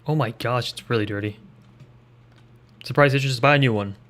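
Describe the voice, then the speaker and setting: A man's voice: mid-range voice, brisk, fairly bright tone. A man live-streaming a video game, chatting casually and ranting with a lot of swearing. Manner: profane, ranting, riffing on the game.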